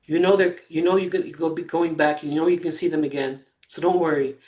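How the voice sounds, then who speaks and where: A man in his sixties, a guest in an interview, telling a personal story in a halting way, with fillers and soft laughs between phrases. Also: on the high side, fairly even intonation. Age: 60s.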